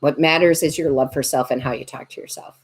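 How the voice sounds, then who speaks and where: A woman's voice: low-pitched, steady tone, a little fast, slightly rough. A woman tarot reader and medium chatting on a livestream, joking and reading viewer comments aloud. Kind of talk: casual livestream chat.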